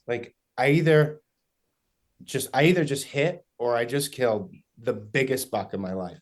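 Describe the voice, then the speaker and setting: A young man with a New England accent telling a hunting story in casual chat, rambling and excited, full of fillers. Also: medium pitch, brisk. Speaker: guest hunter.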